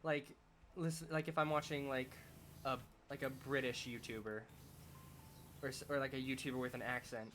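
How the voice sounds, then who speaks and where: A man's voice: medium pitch, level tone, moderate pace, fairly bright tone, faint music behind. Rambling young man chatting while gaming. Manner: rambling, thinking aloud with many restarts. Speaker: streamer. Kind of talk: casual chat while playing a game.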